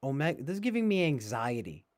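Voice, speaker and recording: Man streamer, mid-pitched voice, sarcastic rambling chat with lots of swearing. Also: big pitch swings, a little fast. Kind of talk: casual rambling chat to viewers.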